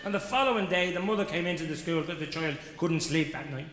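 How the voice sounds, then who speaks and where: A man's voice: on the high side, fast, a bit bright. A man with an Irish accent doing stand-up, telling jokey anecdotes and acting out the people in them. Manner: jokey anecdotes, acts out characters, laughs along. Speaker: stand-up comedian. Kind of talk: live stand-up storytelling. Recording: echoey hall with background noise.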